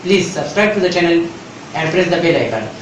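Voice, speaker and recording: A man's voice: a little high, animated, brisk. A Pakistani man teaching English grammar, switching into Urdu and repeating each point with "right?" and "you know". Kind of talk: bilingual grammar lesson. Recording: echoey room, mic far off, faint noise.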